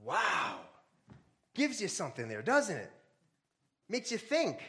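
Male pastor, high voice, casual joking sermon, reads verses, bursts into loud calls. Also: huge pitch swings, slow, gravelly. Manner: casual, joking preaching with sudden loud rises; reads scripture aloud between asides.

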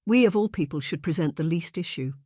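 A narrator voicing a sweet, soft-spoken young lady, pitched light and high. The voice sits close and dry, read as an audiobook character. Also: animated, brisk, no echo, lightly acted.

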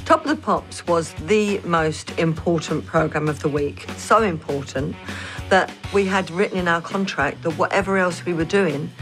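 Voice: mid-range voice, moderate pace. Earnest interviewee with music underneath. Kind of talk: reminiscing interview.

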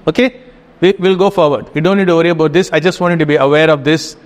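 High-voiced man teaching a class. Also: quick pace. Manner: casual, checks in with students often. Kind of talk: classroom lecture. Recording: reverberant hall.

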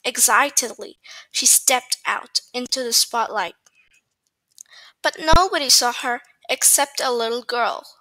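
A woman reading a bedtime story aloud in a gentle, expressive storyteller's manner on a close mic. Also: a little high, a little slow, no echo, poor audio.

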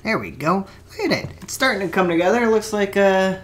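Building a toy kit at his desk, this twenty-something man talks to himself into the microphone in a loose, rambling way, muttering, cursing and cracking jokes. He speaks briskly in a high-sitting, expressive voice with a slightly bright quality.

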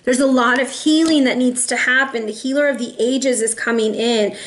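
Chatty higher-pitched woman reading tarot. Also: moderate pace. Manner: chatty, animated, addresses viewers as y'all. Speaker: tarot reader. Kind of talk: casual tarot reading to camera.

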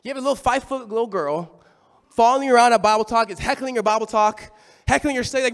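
A man preaching a sermon, telling the story in an animated, conversational way. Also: very high-pitched, fast, vocal fry.

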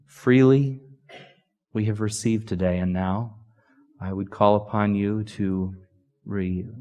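A man preaching a sermon in a church, reading scripture slowly and dramatically and dropping to a hush at the close. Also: on the low side, fairly even intonation. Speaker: pastor. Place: church sanctuary.

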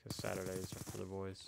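Low-voiced young man telling a story. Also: vocal fry, heavy background noise. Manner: rambling storytelling with chuckles. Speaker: streamer. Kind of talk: casual chat while gaming. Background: faint video game gunfire.

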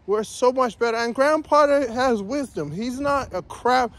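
A man's voice: extremely high pitch, moderate pace, a bit bright. A man ranting in a casual vlog while walking around his neighborhood outdoors, repeating himself and calling out "guys" again and again. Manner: repetitive, ranting, says "guys" constantly. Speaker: vlogger.

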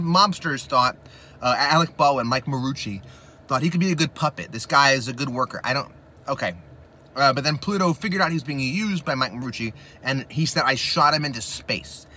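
A man rambling through a movie recap while his mouth burns from spicy chips, slipping into excited impressions. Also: on the high side, slight background noise. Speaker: mukbang host.

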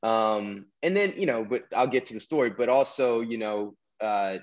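A man from the American South, with a lowish voice, tells a long, rambling story as a podcast guest in a casual storytelling interview. He's animated and moderately paced, full of restarts and fillers, and the sound is lo-fi.

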